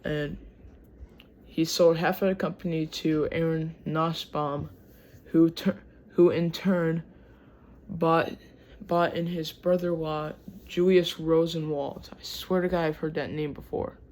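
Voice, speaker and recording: Michigan accent, slow delivery, reads history aloud, trips over words, wanders into side chatter, casual video host. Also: medium pitch, level tone, a little mellow. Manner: stumbles over words, gets sidetracked, chatty. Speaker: channel host.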